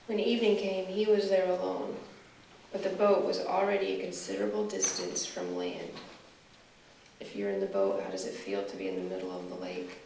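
A woman guest speaker leading a guided scripture meditation, asking the listener slow, reflective questions. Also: rumbling low, flat delivery, creaky, mellow. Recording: echoey room from far off, faint hiss.

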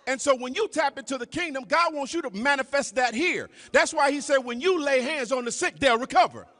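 A man preaching a sermon to a congregation, calling out to them over and over and dropping to low murmurs between emphatic lines. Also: expressive, brisk, a bit bright. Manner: calls and responses to the congregation, repetitive "y'all". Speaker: pastor. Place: church sanctuary. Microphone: live stream. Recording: long hall reverb.

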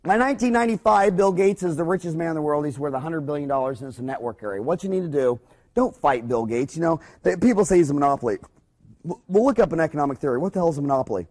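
A man's voice: a little high, expressive, rapid-fire, a little mellow. Blunt, profane man telling dental business stories. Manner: blunt, profane, storytelling with rising emphasis. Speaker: dentist and speaker. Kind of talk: unscripted business talk.

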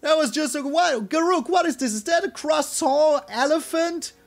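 A man giving excitable, animated live commentary over his own card game, now and then breaking into loud shouts. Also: extremely high pitch, moderate pace, vocal fry, faint music behind. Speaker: gaming YouTuber.

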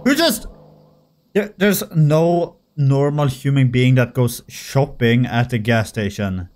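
A young man giving casual, jokey commentary while playing a horror game, excitable and swearing freely. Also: medium pitch, slow, a little hiss or hum. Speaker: gaming video creator. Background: faint game music.

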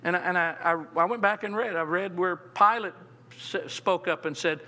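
A man's voice: high voice, moderate pace, pushed and bright. A man preaching a sermon as pastor, often repeating words as he restarts sentences and acting out the quotes he reads. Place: church sanctuary.

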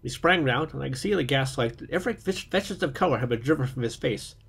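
A man reading a story aloud, steady, with occasional small slips. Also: mid-range voice, fast, creaky, husky. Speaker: reader.

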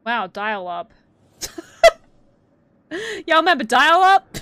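A woman streaming a game live, chatting to her viewers, laughing often and swearing freely when she gets excited. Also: on the high side, takes it slowly, pauses often, soft background music. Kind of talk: live gameplay commentary.

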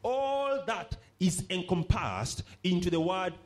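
A man's voice: high-pitched, big pitch swings, slow. A man preaching a sermon, stressing points by repeating phrases and calling on the congregation to respond.

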